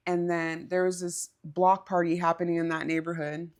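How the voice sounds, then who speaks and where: A woman's voice: fairly low pitch, little pitch movement, normal speed, darkish tone. A woman co-hosting a podcast, telling a story in a candid, casual way, swearing and laughing as she goes. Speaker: podcast co-host.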